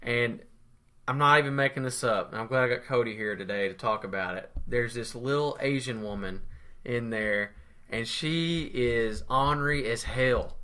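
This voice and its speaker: Male podcast co-host, bright tone, easygoing storyteller who chuckles a lot. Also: medium pitch, normal speed. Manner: laid-back, laughs through his story. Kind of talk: casual storytelling chat.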